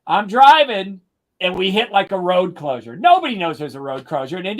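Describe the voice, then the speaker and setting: An older man, a drum educator, telling casual stories in an animated way and acting out what his friends said. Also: sits high, normal speed. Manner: animated anecdotes, quotes friends in lively voices. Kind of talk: casual storytelling.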